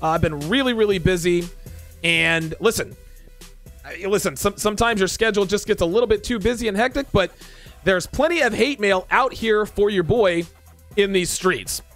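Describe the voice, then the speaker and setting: A man's voice: high-pitched, normal speed, fairly bright tone, faint music behind. Blunt, profane man hosting a livestream. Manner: reads viewer comments aloud and reacts. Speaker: podcast host. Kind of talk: casual livestream chat.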